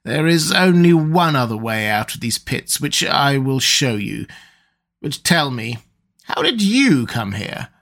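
A cunning priest, voiced by a male reader, calm and unhurried. His lines come slow and measured, with a cool, knowing edge. It is a storybook reading, lightly characterized. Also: medium pitch. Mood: sly.

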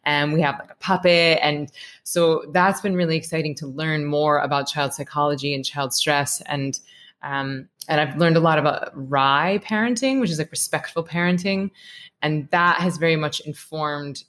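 Low-voiced reflective woman. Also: normal speed, fairly bright tone. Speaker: guest, meditation teacher. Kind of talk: podcast interview.

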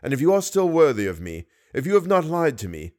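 A man reading the part of a hidden, jealous male voice, possessive and ominous, with a low, solemn delivery. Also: big pitch swings, quick pace, a little mellow. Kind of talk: audiobook reading.

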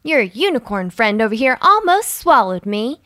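A woman voicing a small goldfish in a storybook, speaking high and chirpy. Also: very animated, moderate pace, pushed and bright, no echo, studio quality. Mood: teasing. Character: little goldfish in a pond.

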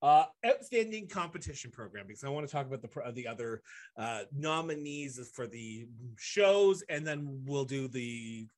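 A man's voice: medium pitch, expressive, normal speed. A man co-hosting a casual podcast chat, joking and sarcastic, with rambling asides. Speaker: podcast co-host.

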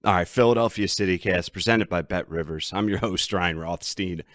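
Man, podcast host, deep voice, dry close sound, emphatic sports rant. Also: normal speed, fairly bright tone, dry recording. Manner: ranting, exasperated, emphatic. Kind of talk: sports betting podcast commentary.

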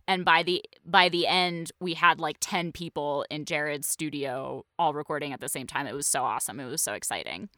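A woman's voice: deep voice, brisk, hardly any pauses, bright, forceful tone, no echo, studio quality. A woman hosting a podcast, chatting casually and laughing often. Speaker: podcast host. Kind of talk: casual chat.

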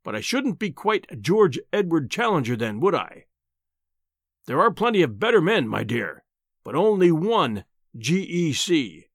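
A man putting on a pompous older professor who booms and lectures with condescension, his voice swinging widely up and down. He sounds slightly raised in pitch, read close and dry with no room around it. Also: sing-song, unhurried, no room sound, heavily acted. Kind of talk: audiobook character voice.

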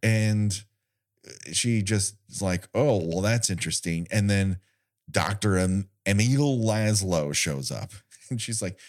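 A man's voice: fairly low pitch, slow pace. A young man co-hosting a podcast, recapping an old TV episode with sarcastic, swearing comedy and mock voices. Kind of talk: casual comedic chat.

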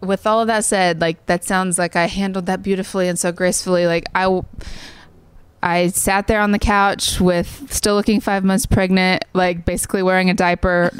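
Smooth-voiced woman telling a story. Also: lowish voice, level tone, normal speed, no room sound. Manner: rambling, lots of "like" fillers. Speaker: songwriter guest. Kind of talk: conversational storytelling.

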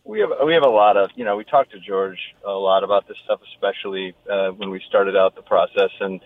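A man calling in as a guest on a phone line, thoughtful and halting as he explains. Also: on the low side. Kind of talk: phone interview. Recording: tinny phone line with faint hiss.

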